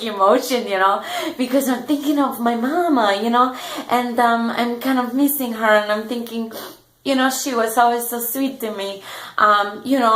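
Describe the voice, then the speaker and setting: A woman's voice: mid-range voice, a bit bright, echoey room, close to an everyday voice. A woman playing a chatty middle-aged Italian gondolier who talks in broken English with an Italian accent, rambling, sentimental and laughing often. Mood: tender. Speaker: host. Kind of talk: comedic character monologue.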